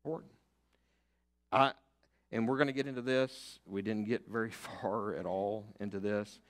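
An older man, preaching a sermon as pastor, emphatic and fiery, rising to loud declarations and dropping to hushed asides. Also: on the low side, steady tone, moderate pace. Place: church sanctuary.

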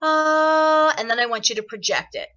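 A woman leading an online singing workshop, chatty and encouraging, explaining with lively examples over a video call. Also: on the high side, rapid-fire, lo-fi sound. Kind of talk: online voice lesson.

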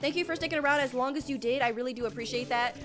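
A woman's voice: high voice, rapid-fire. A young woman streaming a game live, panicking, exclaiming and pleading with the game as she plays. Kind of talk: live gameplay commentary. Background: game music.

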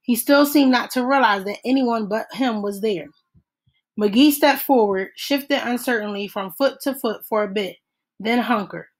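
A woman narrating a novel in a steady, measured audiobook read-aloud. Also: a little high, poor audio.

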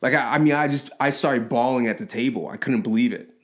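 A man's voice: mid-range voice, quick pace. A man on a podcast telling his own life story with feeling, laughing often and acting out what people said. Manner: animated, laughing, quotes people in voices. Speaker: podcast guest. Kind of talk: personal storytelling.

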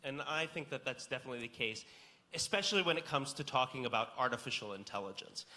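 An American man with a bright, forward voice leads a panel discussion. He sets up topics in a relaxed, conversational way, with frequent ums between thoughts. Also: medium pitch, fast talker. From United States. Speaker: panel moderator.

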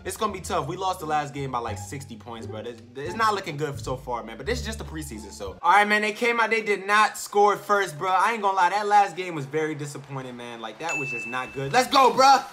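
A young man giving excited, slangy commentary over his own football video game, shouting and chanting at big plays and muttering low in between. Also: quick pace, hardly any pauses. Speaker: gaming YouTuber. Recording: game music behind the voice.

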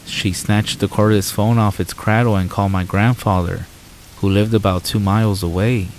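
A man narrating horror stories in a calm, measured way with dramatic pauses. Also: lowish voice, a little hiss or hum, poor audio.

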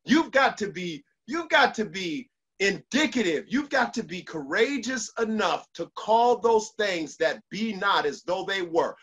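A man's voice: sits high, big pitch swings, a little slow, fairly bright tone, husky, muffled recording. A man giving a motivational speech to an online audience, preacherly, repeating lines for emphasis and leading call-and-response. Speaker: motivational speaker.

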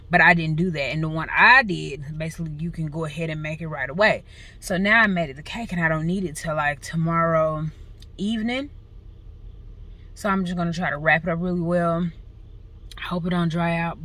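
A woman's voice: low-pitched, fairly bright tone. A young pregnant woman chatting casually to her vlog viewers, saying "y'all" and running through her busy day. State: out of breath. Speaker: vlogger.

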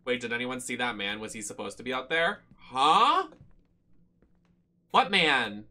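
A streamer talking through a cheap horror game live, loud and profane, cracking jokes at everything. The voice is bright and swoops all over the place, jumping into high squeals and shouts whenever something startles them. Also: big pitch swings, measured pace. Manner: loud, profane, jokey running commentary. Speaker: streamer playing horror games.

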